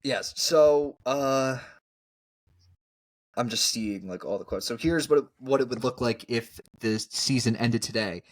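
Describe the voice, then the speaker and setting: A man co-hosting a casual sports podcast, animated and quick to laugh, often talking over his partner. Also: medium pitch. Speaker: podcast co-host.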